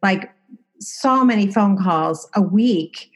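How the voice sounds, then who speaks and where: A woman's voice: medium pitch, slow pace. Candid, self-mocking middle-aged woman. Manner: candid, self-deprecating, lively storyteller. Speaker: guest, designer and former TV host. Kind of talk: casual storytelling interview.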